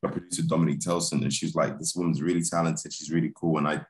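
A man's voice: a bass voice, little pitch movement, rapid-fire. A man, a film director talking casually as an interview guest, laid-back and laughing easily, with many restarts and fillers. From Britain.

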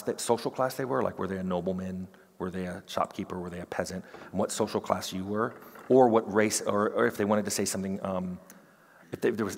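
A middle-aged man giving a conference talk on game design, animated and acting out quoted characters. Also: on the low side, vocal fry, breathy edge. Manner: animated, acts out quoted characters in quick voices. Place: conference hall. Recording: reverberant hall sound.

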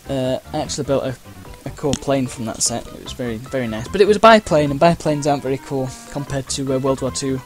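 Barely pausing, a man with a medium pitch talks quickly through his racing gameplay. The casual commentary rambles with uhs, side stories and playful outbursts, set against game music and sound effects.

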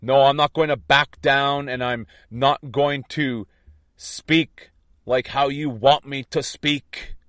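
A man's voice: medium pitch, fairly even intonation, slow, a bit bright, dry recording, clean studio sound. A man giving an impassioned spiritual monologue, intense and defiant, repeating his points. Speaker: online preacher.

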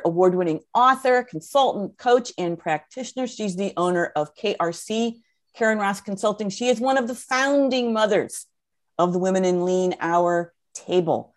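Effusive woman webinar moderator, mid-pitched, chatty with fillers. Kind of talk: live webinar hosting.

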